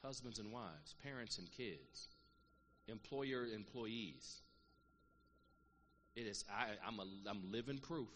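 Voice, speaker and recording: A middle-aged man preaching a sermon, calling out to the congregation and swinging between loud exhortation and quiet, earnest asides. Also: on the low side, lively intonation, slow pace, pauses often. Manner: call-and-response preaching, calls out "Amen" and "saints". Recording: long reverb of a large hall, faint room noise.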